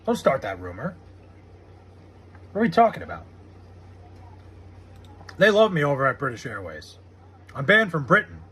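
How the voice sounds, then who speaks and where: A man's voice: on the high side, wildly swooping pitch, normal speed, pauses often, a bit bright, breathy edge. An American man live-streaming, chatting loosely and profanely with viewers, full of "like" fillers. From United States. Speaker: live streamer reading chat. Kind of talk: casual rambling chat.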